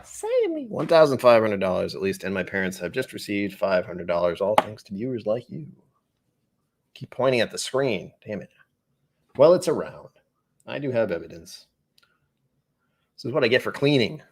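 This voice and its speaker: A man's voice: lowish voice, animated, normal speed, pauses often, breathy edge. A man with a New England accent hosting a whiskey live stream, chatting, easily distracted and joking at his own expense. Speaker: whiskey channel host.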